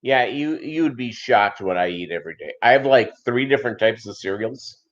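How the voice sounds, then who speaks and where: A man's voice: medium pitch, expressive, a little fast. A man hosting a fish-keeping channel, chatting casually and rambling with many fillers on a live stream. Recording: dull lo-fi sound.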